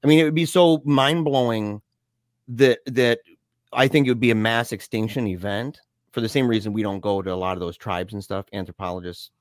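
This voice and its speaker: A man chatting casually on a podcast, telling a story in an animated, slangy way, often laughing and calling his friend dude. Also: on the low side, fairly quick, no echo, clean studio sound.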